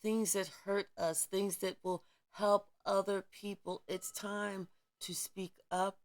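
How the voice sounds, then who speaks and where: A woman's voice: medium pitch, flat delivery, takes it slowly. A woman giving a spiritual tarot reading in an emphatic, preachy way, with a lot of repetition and profanity. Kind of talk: tarot reading vlog, spiritual pep talk.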